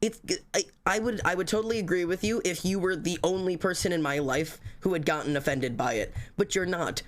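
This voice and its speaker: In a slightly high voice, a man vents to his livestream chat. His rant rambles and turns self-critical, with heavy swearing and sentences he keeps restarting.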